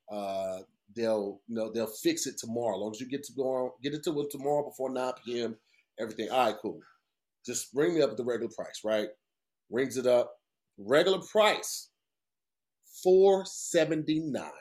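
A man co-hosting a podcast, telling a long story casually, swearing often and acting out what people said. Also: medium pitch. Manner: profane, animated storytelling with voiced quotes. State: tired. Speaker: podcast co-host.

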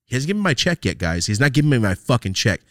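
A man hosting a podcast, telling a story in a profane, animated way and acting out both sides of the exchange. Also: medium pitch, rapid-fire, dry recording, clean studio sound. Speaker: podcast host. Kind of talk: casual storytelling chat.

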